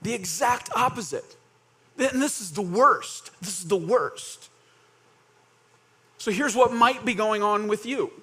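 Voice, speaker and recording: A man's voice: sits high, lively intonation, a little slow, long pauses, pushed and bright, husky. A male pastor preaching a conversational sermon, asking the congregation questions and acting out quoted voices. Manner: conversational, acts out scenes with quoted voices, asks the audience questions.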